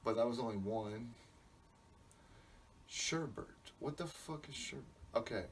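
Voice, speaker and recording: A man's voice: medium pitch, a little fast. A male podcast host in a rambling comic monologue, profane and meandering, breaking off his own sentences. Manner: profane, meandering, self-interrupting. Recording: distant mic, faint background hiss.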